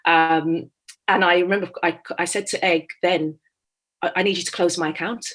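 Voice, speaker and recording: A woman's voice: lowish voice, steady tone, normal speed, a bit bright. A woman telling her money story as an interview guest, candid and fond of quoting dialogue. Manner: candid, tells stories with quoted dialogue. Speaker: guest, founder of a finance company. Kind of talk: conversational interview.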